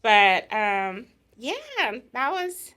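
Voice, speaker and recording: A woman's voice: mid-range voice, very animated, drawn-out words, pushed and bright, clear, resonant tone. A middle-aged woman casually telling the story of her engagement, laughing often as she goes. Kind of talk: casual chat.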